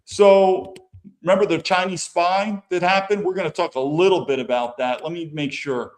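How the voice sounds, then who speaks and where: Blunt, rambling American man, fairly high voice. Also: fairly even intonation, moderate pace. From United States. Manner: blunt, opinionated, rambling with frequent restarts. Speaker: political commentary show host. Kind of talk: casual commentary over news clips.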